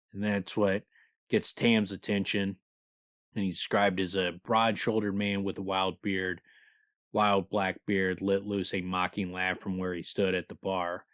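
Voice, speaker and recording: A man's voice: low-pitched, level tone, measured pace, fairly bright tone, smooth, no room sound, clean studio sound. A man co-hosting a podcast, chatting casually about a book, rambling and swearing freely and reading passages aloud. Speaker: podcast co-host.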